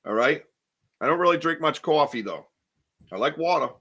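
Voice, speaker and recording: A man hosts a loose live podcast and reads listener comments out loud. His voice is bright and forceful, and he rambles with plenty of ums and half-started sentences. The delivery stays casual and chatty throughout. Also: fairly high pitch, animated, moderate pace, slightly rough. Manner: rambling, chatty, many fillers and restarts. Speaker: podcast host. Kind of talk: casual live-stream chat, reading viewer comments.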